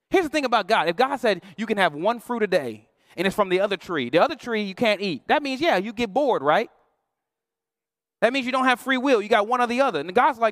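A man's voice: high voice, animated, fast, fairly bright tone, no echo, clean studio sound. A male pastor preaching a sermon in a playful, slangy, conversational way, acting out quoted voices.

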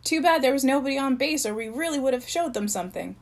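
A woman reading a storybook aloud, voicing a cheerful, bossy young male camp counselor in a bright upbeat manner. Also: fairly high pitch, animated, quick pace, vocal fry. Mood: cheery.

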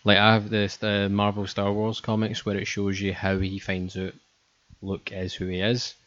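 A man's voice: lowish voice, monotone, normal speed, a bit bright, no echo. A man chatting casually and ranting animatedly with friends, swearing a lot. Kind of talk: casual chat. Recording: dull lo-fi sound.

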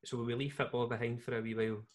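A man's voice: mid-range voice, little pitch movement, very fast. A Scottish man co-hosting a podcast, chatting casually in a jokey, rambling way with lots of restarts. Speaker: podcast co-host. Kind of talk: casual chat.

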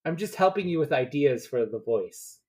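A tabletop game player chatting playfully and pitching ideas to the game master. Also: lively intonation, moderate pace, a little mellow, breathy edge. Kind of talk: casual tabletop play.

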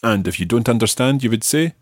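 A man hosting a podcast language lesson, teaching patiently and slowing down to spell out each phrase. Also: medium pitch, lively intonation, no room sound, studio quality.

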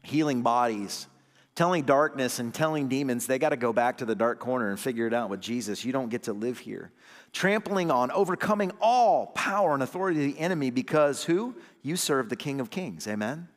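An associate pastor preaches a sermon briskly, drawing call-and-response amens from the congregation. He swings between loud, emphatic lines and low, hushed ones, with a long reverb tail.

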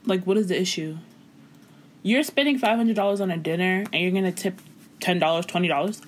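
A woman's voice: lowish voice, fairly quick, slight background noise, poor audio. A woman chatting casually, blunt and indignant with frequent swearing. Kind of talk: casual gossip chat.

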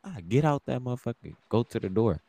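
A man's voice: medium pitch, a little fast, creaky, no echo. A young man co-hosting a podcast, telling stories in casual, profane talk and acting out the lines of the people in them. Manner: profane, animated, acts out quoted dialogue. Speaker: podcast co-host. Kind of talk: casual storytelling chat.

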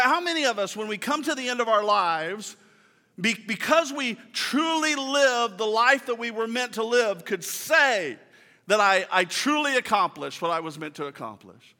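A male pastor preaching a sermon in a conversational way, joking with the congregation and slowing down for emphatic quotes. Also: very high-pitched, pushed and bright. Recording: reverberant hall sound.

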